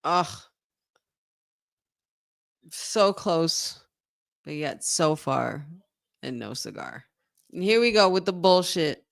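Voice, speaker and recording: A woman hosting a live wrestling watch-along from her room at home, excitable and swearing as she talks to her chat. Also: low-pitched, slow, creaky, pauses often. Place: room at home with windows open.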